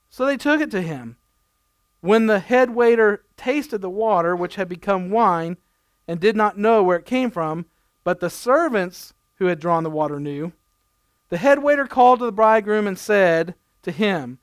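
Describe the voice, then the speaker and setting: A man's voice: high voice, normal speed, clear, resonant tone, dry recording, clean studio sound. A man preaching a conversational sermon, reading scripture and adding playful everyday asides. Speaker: pastor.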